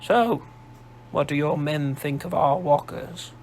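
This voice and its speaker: A man voicing a sharp-eared, imperious old woman with a posh English accent, speaking slowly and probingly. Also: a little high, expressive, slight background noise. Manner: slow, probing, commanding.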